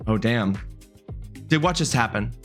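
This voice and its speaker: A man's voice: mid-range voice, expressive, measured pace, faint music behind. A man in his thirties chatting casually on a livestream, greeting viewers by name and answering their comments.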